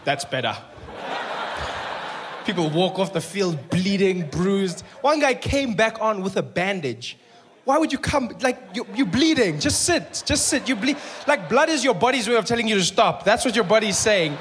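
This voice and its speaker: A man's voice: sits high, big pitch swings, normal speed, a bit bright. A male stand-up comedian, riffing chattily with the crowd. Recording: stage recording with background noise.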